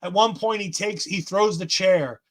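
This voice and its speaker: A man's voice: high-pitched, moderate pace. A man hosting a podcast, recapping wrestling in an enthusiastic, chatty way. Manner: enthusiastic, acts out quotes in voices. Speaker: podcast host. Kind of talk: casual wrestling recap chat.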